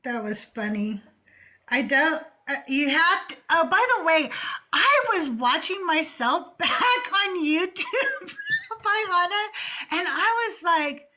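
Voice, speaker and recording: A woman's voice: very high voice, expressive, slow pace, pushed and bright. An older woman hosting a live call-in stream in casual chat, laughing often and swearing freely. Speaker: host.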